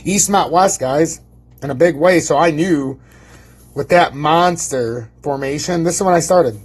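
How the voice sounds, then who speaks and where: A man streaming casual market commentary, brash and boastful, swearing freely and rambling, with a husky voice. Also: fairly high pitch, a little slow. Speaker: crypto chart streamer.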